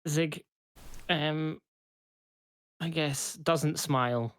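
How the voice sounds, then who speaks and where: A man's voice: medium pitch, a little slow, pushed and bright. A man playing in a tabletop role-playing game, speaking casually and thoughtfully, often trailing off mid-sentence. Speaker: player.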